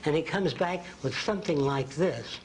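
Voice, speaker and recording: A man's voice: a little high, moderate pace, slight background noise, poor audio. An older man giving a folksy college lecture at a blackboard, acting out quotes. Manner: folksy, drawing on a blackboard while talking, acts out quotes. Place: lecture hall.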